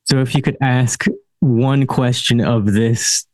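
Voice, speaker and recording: A man's voice: medium pitch, steady tone, slow, a little mellow, dry recording. Dry-sounding man asking a question. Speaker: podcast host.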